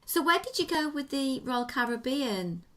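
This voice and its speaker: British woman, podcast host, bright forceful tone, chatty and reassuring. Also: high-pitched, expressive, moderate pace. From Britain. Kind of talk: casual podcast chat.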